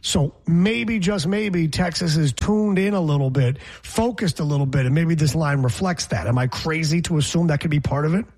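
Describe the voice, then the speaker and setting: A man hosting sports talk radio, teasing his co-host and telling animated stories. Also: a little high, moderate pace, few pauses.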